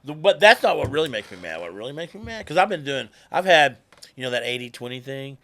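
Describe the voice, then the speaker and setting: A man, a musician guest telling stories in casual talk, animated and swearing freely. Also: mid-range voice, fast talker. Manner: animated, swears freely, acts out quoted people. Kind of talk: casual conversational storytelling.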